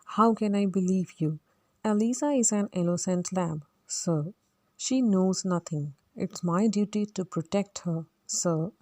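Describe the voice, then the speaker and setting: A shabby old father with a wheedling Cockney way of talking, voiced by a woman. He drags his words out slowly in a warm, mellow tone, and sounds half pleading, half sly. This is a storybook-style reading of a play. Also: mid-range voice, close to an everyday voice. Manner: slow, drawn-out, pleading.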